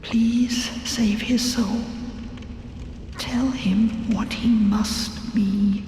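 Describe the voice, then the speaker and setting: An actress voicing a solemn, grave priestess in a video game, speaking in a slow, hushed, measured way. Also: female voice, fairly high pitch, steady tone, a little hiss or hum. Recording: echoey game hall with long reverb.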